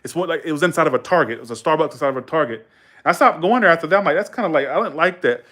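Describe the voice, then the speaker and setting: A young man talks casually to his viewers, rambling and correcting himself as he goes. His voice sits a touch high for a man. He drops into quoted dialogue and keeps a loose, colloquial flow. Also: racing, fairly bright tone. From Georgia, USA. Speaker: live streamer chatting with viewers. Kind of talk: casual chat and storytelling.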